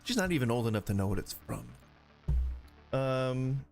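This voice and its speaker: A man with a gravelly, fry-laden voice of middling pitch gives loose, jokey commentary while he plays a shooter game. He rambles, trips over his words and restarts sentences, with faint music underneath. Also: very animated, normal speed, darkish tone. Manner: rambling, jokey, self-interrupting. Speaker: game streamer. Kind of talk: casual gameplay commentary.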